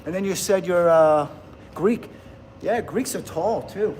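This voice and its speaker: A man's voice: high voice, slow pace, a little mellow, slight background noise. A man in his fifties from the United States, chatting casually on a livestream and answering viewer comments in an upbeat way. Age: 50s.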